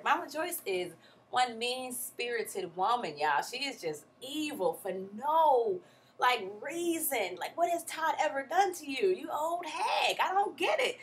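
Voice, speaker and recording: Young woman doing a blunt slangy reality tv recap, bright forceful voice, kinda high. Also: a little hiss or hum. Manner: animated, exasperated, slangy and blunt. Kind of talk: casual recap commentary.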